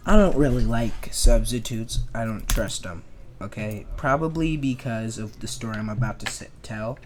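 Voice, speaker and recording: A man's voice: on the low side, animated, moderate pace, slight background noise. A young man telling comedic school stories in a chatty, sarcastic way, acting out the people he quotes. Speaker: animation storyteller. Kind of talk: comedic storytelling.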